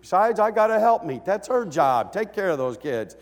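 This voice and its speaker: A middle-aged man preaching a sermon, animated and emotional, swinging from hushed lines to shouts with joking asides. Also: high voice, moderate pace. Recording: echoey church hall.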